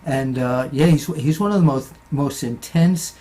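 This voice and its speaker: A man hosting a casual interview, prompting his guest and speaking haltingly. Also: medium pitch. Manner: brief encouraging interjections, halting. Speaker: interviewer, host.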